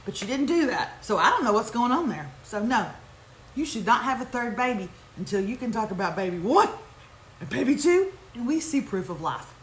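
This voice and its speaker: A middle-aged woman talks through viewer emails in a joking, animated way. Her voice sits a little high. The room has a noticeable echo. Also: a little fast, slight background noise. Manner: animated, joking, laughing, teasing. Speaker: host. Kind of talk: casual live chat reading viewer emails. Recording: echoey room.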